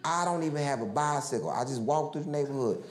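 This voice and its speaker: A man doing stand-up storytelling, acting out street characters with big swings in his voice. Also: fast. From Houston, Texas. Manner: animated, acts out characters with big pitch swings. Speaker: stand-up comedian. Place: large live comedy venue. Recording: roomy live stage recording with loud crowd noise. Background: audience laughter.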